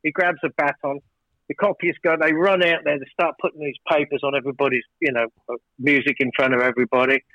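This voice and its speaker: A fairly high-voiced man reminisces in a casual interview, full of fillers and false starts. The sound is dry and close, a little dull and muffled. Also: fast talker, dry recording. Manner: rambling, hesitant, many fillers and restarts; grows animated and emphatic telling a story. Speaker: record producer, guest.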